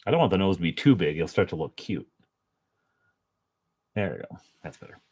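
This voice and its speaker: A man's voice: low voice, big pitch swings, brisk, a little mellow. A man chatting casually to his viewers while painting at home, joking about himself and chuckling often. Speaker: painting vlogger.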